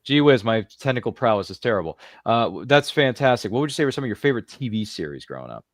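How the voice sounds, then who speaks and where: A man's voice: mid-range voice, very animated, fast, dry recording, studio quality. A man hosting a podcast interview, chatty and jokey, with many fillers and asides. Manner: chatty, jokey, self-deprecating, filler-heavy. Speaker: podcast host. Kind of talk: casual interview chat.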